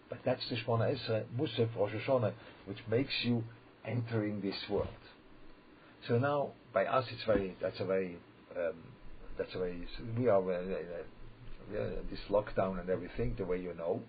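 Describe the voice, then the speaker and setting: Halting low-voiced man giving a sermon. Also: a little hiss or hum. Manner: halting, repeats words and restarts often; checks in with listeners, asking "yeah?". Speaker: religious teacher. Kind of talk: holiday sermon. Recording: slightly dull lo-fi recording.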